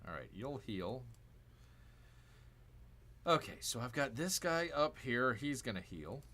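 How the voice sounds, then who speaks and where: A man's voice: mid-range voice, big pitch swings, takes it slowly, bright, forceful tone. A man hosting a gaming channel, casually talking himself through a strategy game, cheering and groaning at each move.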